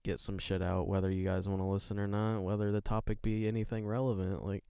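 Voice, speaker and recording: A young man co-hosts a podcast in easygoing, meandering chat, swearing freely. His voice is low, soft and smooth. The sound is dry and close. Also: level tone, fast talker, dry recording. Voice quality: soft, soothing voice. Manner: laid-back, rambling, swears often. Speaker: podcast co-host. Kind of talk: casual chat.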